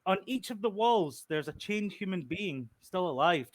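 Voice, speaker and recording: A man narrating as dungeon master, animated and quick to laugh at his own slips. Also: high-pitched. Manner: animated, laughing, self-correcting. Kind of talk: narrating a tabletop game.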